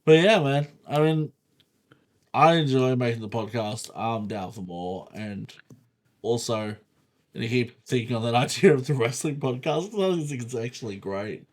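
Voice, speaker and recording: A man's voice: mid-range voice, unhurried. A man co-hosting a casual podcast, talking in a laid-back way on a desktop USB microphone, swearing freely and laughing often. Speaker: podcast co-host.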